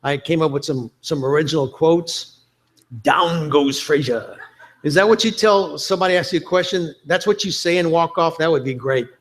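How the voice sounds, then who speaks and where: A man's voice: a little high, brisk. Joking man giving a talk. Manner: chatty, self-deprecating, quotes movie lines for laughs. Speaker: conference speaker. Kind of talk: joking conference presentation.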